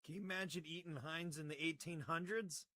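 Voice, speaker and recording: A man's voice: a little high, fairly even intonation, a little fast, sharp tone, no room sound, studio quality. A man talking casually to the camera while he crafts, rambling and joking at his own expense. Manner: rambling, self-mocking, plays with words. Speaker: hobby crafter making model trees.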